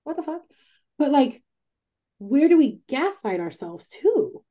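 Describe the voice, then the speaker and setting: Woman host, casual candid talk, higher-pitched and mellow, animated, curses freely. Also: unhurried. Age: adult with a child. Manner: emphatic, swears freely, animated storytelling. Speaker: podcast host.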